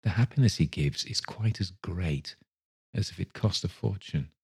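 A man's voice: deep voice, lively intonation, normal speed, vocal fry, a little mellow, breathy edge, heavily acted. A man playing young Scrooge, impatient and defensive. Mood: earnest.

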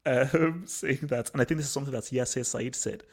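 A man's voice: mid-range voice, fairly quick, darkish tone. A man in casual football chat, telling stories with many stammered restarts and laughter. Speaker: podcast co-host.

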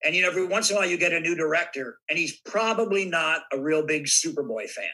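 A man telling animated stories in a casual interview, acting out bits of dialogue as he goes. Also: a little high, quick pace, low-quality recording. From United States. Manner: animated raconteur, acts out voices in anecdotes. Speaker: guest actor. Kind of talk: casual interview chat, storytelling.

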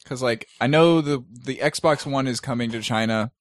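A man hosting a casual gaming podcast, relaxed and laughing often as he tells stories. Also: mid-range voice, normal speed, no room sound, studio quality. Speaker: podcast host.

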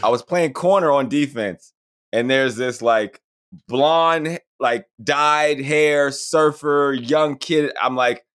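A man co-hosting a podcast in casual chat, telling a story with lively acted-out quotes. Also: medium pitch, slow pace. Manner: animated storyteller, acts out quotes. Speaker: podcast co-host.

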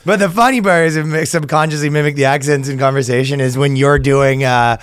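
A man's voice: on the high side, fairly even intonation, a little fast, clean tone, dry recording, studio quality. A man co-hosting a comedy podcast, chatting casually with crude jokes, rambling and laughing often. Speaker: podcast co-host.

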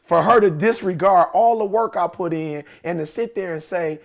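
Laughing, animated man telling stories. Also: sits high, moderate pace, gravelly, over a noisy crowd. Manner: animated storytelling, laughing often. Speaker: podcast host. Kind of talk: casual chat.

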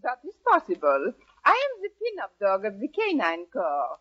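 An actress playing a flirty, glamorous French poodle with a put-on French accent, in 1940s radio comedy acting. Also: female voice, mid-range voice, huge pitch swings, moderate pace. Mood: coquettish. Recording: dull, very hissy 1940s radio broadcast.

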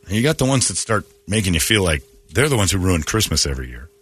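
Animated, husky radio host man. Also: deep voice, fast. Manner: blunt, animated, reads listener letters aloud. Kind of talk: casual morning radio banter.

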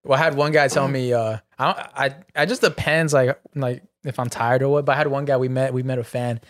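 A man's voice: medium pitch, fairly even intonation, brisk. A young man hosting a casual podcast, playful and slangy, laughing easily with his guests. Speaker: podcast host. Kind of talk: casual chat.

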